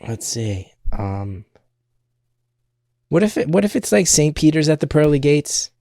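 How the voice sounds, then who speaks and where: A man, a comedian guest on a podcast, chatting casually and telling stories in a playful, animated way. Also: on the high side, a little slow, vocal fry, no room sound, studio quality. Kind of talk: casual chat.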